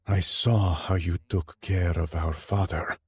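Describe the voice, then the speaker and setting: A man in his thirties with a low, husky voice voicing a calm, secretive young man who speaks with quiet composure. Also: slow pace, exaggerated voice. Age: 30s.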